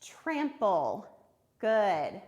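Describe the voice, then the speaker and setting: A woman teaching a recorded phonics lesson to young children, sounding out words clearly and praising answers. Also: medium pitch, very animated, drawn-out words, darkish tone. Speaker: third grade reading teacher.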